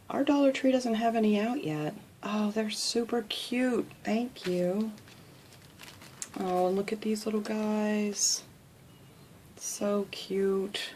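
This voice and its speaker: A woman hosting a craft channel, chatting casually while unboxing mail, gushing, gasping often and sometimes dropping to a soft whisper. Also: medium pitch, slight background noise.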